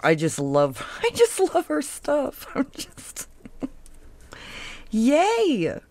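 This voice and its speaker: A woman hosting a craft video, chatting casually as she works, thinking aloud, trailing off mid-sentence and cooing at her pieces. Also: deep voice. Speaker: crafting channel host. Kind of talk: casual craft tutorial chat.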